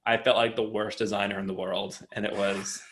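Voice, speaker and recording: A man who works as a designer, telling a work story over a video call in an animated way, swearing freely. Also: fairly low pitch, brisk. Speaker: designer guest. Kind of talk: casual storytelling.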